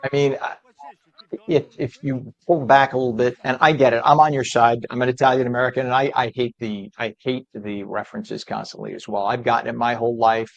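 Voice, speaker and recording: A man hosting a morning TV program, talking with a guest in an easy, conversational broadcast style. His voice sits at an ordinary middle pitch. The studio sound is dry and close, with little room in it. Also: fairly quick, vocal fry, no room sound, highs cut off. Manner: conversational, animated when making a point. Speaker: TV morning show host. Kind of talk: broadcast interview.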